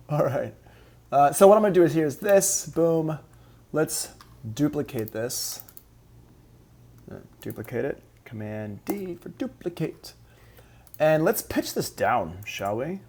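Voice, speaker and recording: A man's voice: on the high side, very animated, takes it slowly, pauses often, dark tone, husky. A man running a live-streamed music production class, talking students through each step in a casual, upbeat way.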